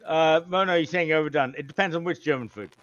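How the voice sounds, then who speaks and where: A British man in loose, profane chat, blunt and quick to mock himself. His voice sits a little high. The sound is dry and slightly muffled, like a remote line. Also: a bit bright, no echo. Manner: blunt, self-mocking, swears freely. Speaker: podcast guest. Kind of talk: casual chat.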